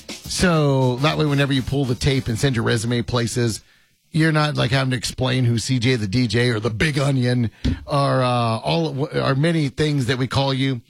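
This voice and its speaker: A man's voice: medium pitch, normal speed, creaky, soft background music. A man hosting a sports radio show, joking and rambling in casual chat and laughing often.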